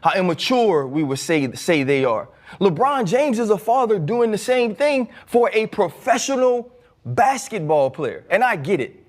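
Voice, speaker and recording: A man's voice: sits high, animated, a little slow. A man giving sports opinion commentary, arguing his point with rhetorical questions.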